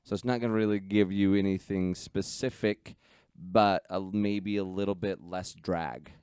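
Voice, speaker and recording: A man with a very low, smooth, resonant voice chats easily with his co-host, cheering on the other man's work and sometimes hunting for the word he wants. The recording is dry and close, with no echo. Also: fairly even intonation, a little slow, darkish tone. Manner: chatty, gropes for words, affirming. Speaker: podcast co-host. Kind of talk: casual chat.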